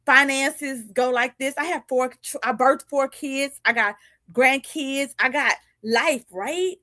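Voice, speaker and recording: A woman's voice: sits high, slow, bright, forceful tone, no room sound. A woman in her fifties hosting a casual live video chat as a podcast host and coach. She talks animatedly, laughs often and acts out little dialogues. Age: 50s.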